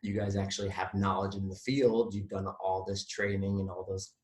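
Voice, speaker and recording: A man hosting a podcast interview, talking in a relaxed conversational way and often backing the guest with "mm-hmm.". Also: low voice, moderate pace. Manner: relaxed, frequent mm-hmms, conversational. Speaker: podcast host. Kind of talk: casual interview chat. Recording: roomy echo.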